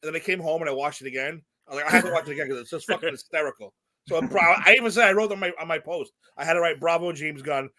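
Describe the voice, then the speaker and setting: A man co-hosting a podcast, chatting casually and excitedly retelling his reactions with lots of swearing. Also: a little high, rapid-fire. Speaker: podcast co-host. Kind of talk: casual chat.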